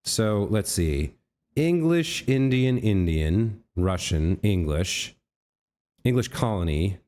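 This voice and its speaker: Lowish guy thinking out loud over a game, voice bouncing up and down, keeps fixing his own words. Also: animated, slow pace. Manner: musing, self-correcting, talks to on-screen figures. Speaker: let's play host. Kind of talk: thinking aloud while gaming.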